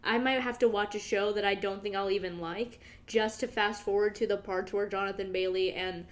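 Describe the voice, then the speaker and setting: A woman's voice: mid-range voice, fairly even intonation, a little fast. A young woman hosting her own podcast, rambling casually, swearing and laughing as she goes. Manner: chatty, rambling, swears freely, laughs often. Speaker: podcast host. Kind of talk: casual solo podcast monologue.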